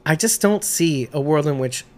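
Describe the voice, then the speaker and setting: A woman's voice: low-pitched, animated, normal speed. A woman co-hosting a casual podcast, recapping a TV episode with jokey asides and frequent laughs. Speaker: podcast co-host.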